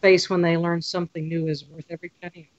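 A woman guest on a podcast, telling lively stories and acting out what people said. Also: on the low side, fast talker, muffled recording. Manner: lively storyteller, acts out quotes. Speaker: podcast guest, photography tour leader. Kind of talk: casual podcast chat.

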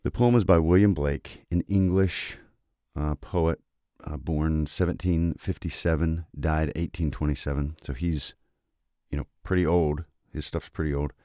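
A man hosting a podcast, talking quietly and haltingly before he reads a poem aloud. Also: very deep voice, fairly even intonation, no room sound, clean studio sound. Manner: soft-spoken, halting, emotional. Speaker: podcast host. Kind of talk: casual reading and reflection.

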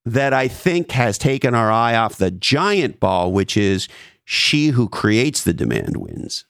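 Gravelly, low-voiced man telling stories. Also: dry recording, studio quality. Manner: profane, animated storyteller who mimics others. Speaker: guest, former marketing executive. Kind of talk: casual podcast storytelling.

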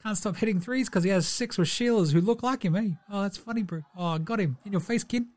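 A man doing a comic impression of a laid-back, cheerful, slow-witted New basketball player, with a drawl, tagging every line with "Brew" and "eh". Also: high voice, a little mellow, natural voice. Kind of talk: comedy impression sketch.

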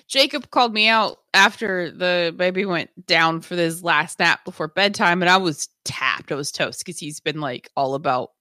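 Woman, 30s, podcast co-host, animated casual storyteller, sharp bright tone, dry close sound. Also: on the low side, moderate pace, hardly any pauses, no room sound. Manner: animated storyteller, swears freely, acts out quotes. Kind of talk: casual chat.

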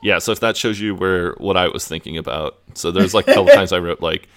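A deep-voiced man co-hosting a podcast retells a TV episode at a fairly quick clip, keeping it loose and conversational with lots of fillers.

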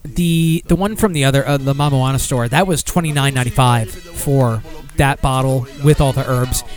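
A man's voice: medium pitch, normal speed, soft background music. A man hosting a podcast alone, rambling casually and swearing often while reading product copy aloud. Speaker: podcast host. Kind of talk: casual solo podcast talk.

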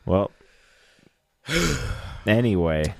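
Slow, laid-back low-voiced man. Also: big pitch swings, creaky, no echo. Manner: laid-back, short dry replies. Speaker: podcast co-host. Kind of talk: casual movie news chat.

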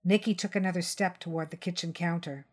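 A woman reading a crime short story aloud in first person, steady and tense. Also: on the low side, fairly quick. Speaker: story reader.

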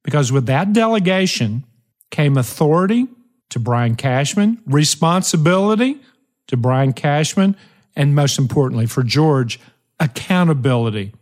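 A man hosting a motivational podcast, telling a story emphatically with dramatic pauses and shifting pace. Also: fairly high pitch, expressive, a little mellow. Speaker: podcast host.

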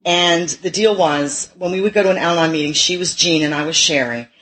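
A woman's voice: lowish voice, a little fast, a bit bright, rough recording. A middle-aged woman giving a personal testimony at a recovery meeting, candid and self-mocking, with frequent laughs.

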